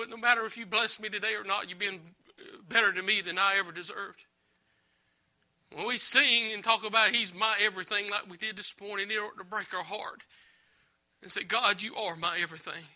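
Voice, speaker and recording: Male preacher, high and sharp-toned, earnest tearful pleading in prayer. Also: steady tone, normal speed. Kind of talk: emotional church prayer.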